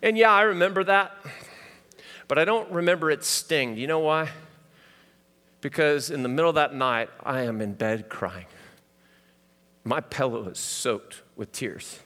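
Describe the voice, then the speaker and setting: Middle-aged male pastor, storytelling sermon, fairly high voice, echoing hall. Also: a little slow, pauses often. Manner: storytelling, swings from loud to hushed. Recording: hall reverb.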